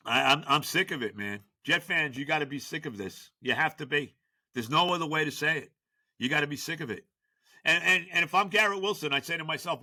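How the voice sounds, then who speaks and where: An older man tears into his team on his sports podcast. His voice sits high and sharply bright, and it swings wildly in pitch. He stammers through restarts, shouts, then drops to a low grumble. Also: expressive, brisk. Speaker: podcast host. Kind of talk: sports rant.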